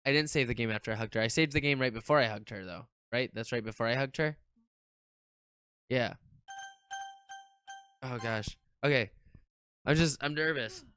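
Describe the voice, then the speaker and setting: A streamer casually commenting and reading game text aloud, animated, swearing and nervously laughing. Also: mid-range voice, fairly quick, pauses often, smooth.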